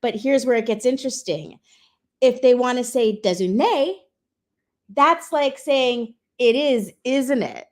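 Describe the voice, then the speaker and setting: Chatty, animated woman guest. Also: fairly high pitch, measured pace. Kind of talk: casual interview chat.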